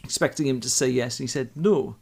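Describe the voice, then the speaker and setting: A man's voice: mid-range voice, flat delivery, racing, creaky. A man from Wales telling a detailed football anecdote in casual chat. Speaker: podcast co-host. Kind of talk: casual storytelling.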